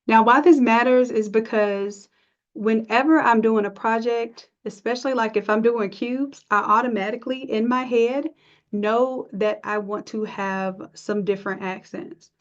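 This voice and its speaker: Woman teacher doing a live design demo, kinda high voice, chatty and encouraging, muffled lo-fi audio. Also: unhurried. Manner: chatty, encouraging, thinks aloud while working. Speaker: design instructor. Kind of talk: live screen-share tutorial. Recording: dull lo-fi stream audio.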